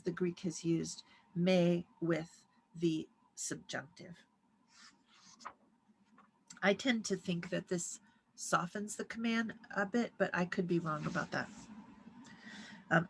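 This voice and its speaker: A woman giving a recorded grammar lecture, explaining step by step and slowing down to read out Greek phrases. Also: on the low side, gravelly, a little hiss or hum, low-quality recording. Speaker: Greek teacher.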